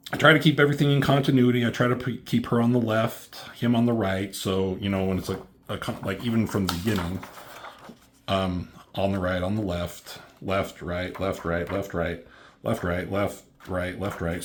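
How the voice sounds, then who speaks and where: Rambling low-voiced man narrating his comic. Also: slight background noise. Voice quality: rambling, many fillers, reads dialogue with slight character shifts. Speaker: comic creator reviewing his own book. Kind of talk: casual commentary reading his comic aloud.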